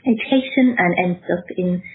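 A woman's voice: lowish voice, moderate pace, a little hiss or hum. A woman from Liverpool with a Liverpool accent, a careers manager answering interview questions in a friendly way, with many "um" fillers and small laughs. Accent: Liverpool English. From Liverpool, England. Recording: phone-like remote call line.

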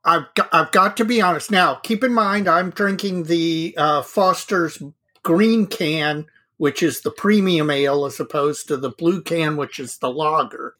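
A man's voice: a little high, pushed and bright. Easygoing male podcast co-host. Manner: easygoing, self-deprecating, chatty. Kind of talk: casual podcast chat.

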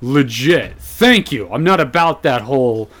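A tipsy young man co-hosting a podcast, loud, crude and rambling, swearing often. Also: medium pitch, animated, measured pace, faint music behind. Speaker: podcast co-host. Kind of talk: casual drunk banter.

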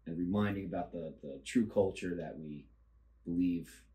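A man co-hosting a podcast in casual chat, earnest and halting as he searches for words. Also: low-pitched, warm tone. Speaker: podcast co-host. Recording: echoey room.

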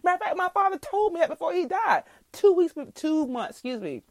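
A woman's voice: very high voice, sing-song, brisk, dry recording. A woman hosting a faith podcast, telling a heartfelt testimony and teaching scripture in a preacherly way. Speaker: podcast host.

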